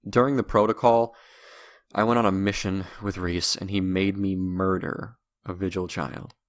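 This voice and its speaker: A man's voice: low voice, level tone, normal speed, lightly acted. A man voicing a weary, guilt-ridden adult man who talks in a hesitant, subdued way.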